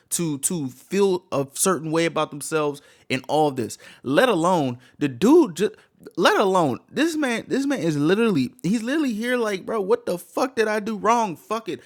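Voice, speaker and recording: Man ranting in disbelief, voice swinging. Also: on the high side. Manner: heated, incredulous, profane, rhetorical questions. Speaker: reaction video host. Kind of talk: ranting reaction commentary.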